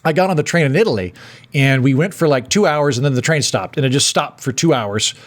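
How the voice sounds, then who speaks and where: A man's voice: medium pitch, expressive, brisk. A man hosting a podcast, telling rambling comic stories in casual chat with lots of restarts. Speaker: podcast host.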